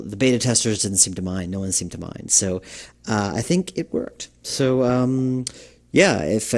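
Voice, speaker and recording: A man giving a developer's commentary on his game, talking in a rambling, hesitant way full of fillers. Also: on the low side. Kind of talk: director's commentary.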